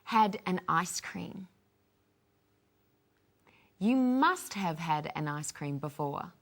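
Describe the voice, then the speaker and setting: A woman teaching English phrases, clearly modelling each one for learners to repeat. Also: fairly low pitch, lively intonation, slow. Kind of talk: slow teaching with repeat-after-me drills.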